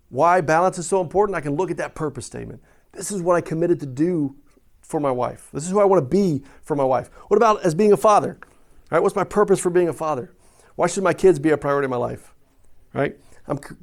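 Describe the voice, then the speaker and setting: A man's voice: on the high side, a little mellow. A middle-aged man preaching a sermon in a conversational way, asking questions and often checking in with "right?". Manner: conversational, asks questions and tags lines with "right?". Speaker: pastor.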